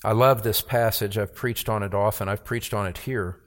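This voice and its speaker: A man's voice: lowish voice, steady tone, moderate pace. A man preaching a sermon as pastor, earnest, with repeated words and rhetorical questions.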